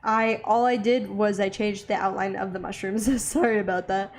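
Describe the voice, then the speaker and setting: A young woman hosting an art channel, chatting casually and excitedly while she draws, rambling with lots of little gasps. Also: medium pitch, moderate pace, a little hiss or hum. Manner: bubbly, easily excited, rambling. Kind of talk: casual chat while drawing.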